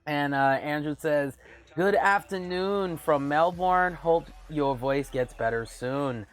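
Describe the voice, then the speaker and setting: A male VTuber hosts his own live-stream show, chatting casually in a husky, raspy voice made hoarse by the flu. His voice sits on the high side and he speaks slowly, rambling with lots of fillers and frequent laughter.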